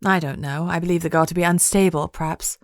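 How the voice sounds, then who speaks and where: A woman's voice: on the low side, fairly even intonation, fast, no room sound, clean studio sound, close to an everyday voice. Victoria, a refined countess, woman voiced. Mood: doubtful. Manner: genteel, refined, formal phrasing. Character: Victoria, gracious proper countess, adult woman.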